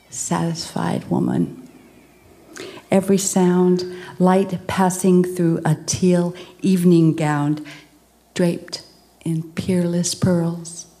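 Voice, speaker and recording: Slow, low-voiced woman reading poetry. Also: dark tone. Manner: slow, deliberate recitation. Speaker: poet.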